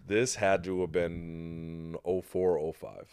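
Deep-voiced dude hosting a podcast, animated storytelling with lots of swearing, dry close mic. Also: male voice, slow pace, clear, resonant tone, dry recording. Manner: animated storyteller, swears freely, acts out quotes. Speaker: podcast host. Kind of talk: casual storytelling chat.

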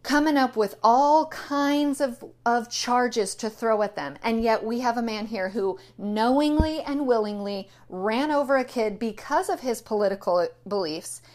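Woman ranting about politics, kinda high voice, hammers her points hard. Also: unhurried, hardly any pauses, darkish tone. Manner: indignant, emphatic, repeats key phrases. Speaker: political commentator. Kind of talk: opinion monologue.

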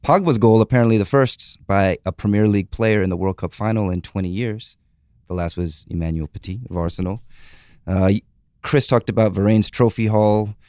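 A man hosting a casual sports podcast, briskly reading off quick facts and chuckling. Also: fairly low pitch, a little mellow, clean tone, no echo, clean studio sound. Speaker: podcast host.

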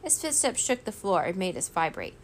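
A woman reading a children's storybook aloud in a steady, expressive way. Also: medium pitch, brisk, a little hiss or hum. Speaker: reader.

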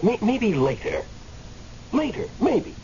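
In a radio drama, an actor voices a newly dead man lingering in limbo, using a high, sing-song, warm voice, speaking slowly and fully in character. He sounds earnest and agitated, angry and pleading, stammering hesitantly at times before turning impassioned. The muffled radio recording carries a faint hiss.

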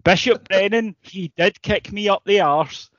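A man's voice: high-pitched, a little slow, a bit bright, dull audio. A man, co-hosting a podcast, telling stories and ranting in casual, sweary chat. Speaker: podcast co-host.

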